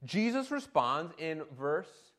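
A man preaching a sermon in an animated, emphatic way, with occasional fillers. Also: on the high side, slow pace.

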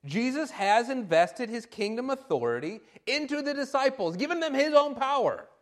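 Animated male preacher with lively pitch. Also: normal speed. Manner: animated and emphatic, with fillers. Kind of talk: sermon.

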